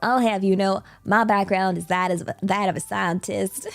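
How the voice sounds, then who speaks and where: A woman's voice: medium pitch, steady tone, normal speed, creaky, lightly acted. A woman voicing a brash young Texan woman with a put-on Texas accent, drawling and playful with double negatives during a livestream. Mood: sassy. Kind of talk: livestream character voice.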